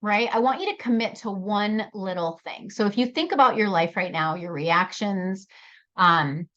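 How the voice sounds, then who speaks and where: A woman's voice: medium pitch, normal speed, fairly bright tone, lo-fi sound. A woman hosting a leadership workshop, talking animatedly, laughing often and speaking to attendees by name. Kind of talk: live workshop talk.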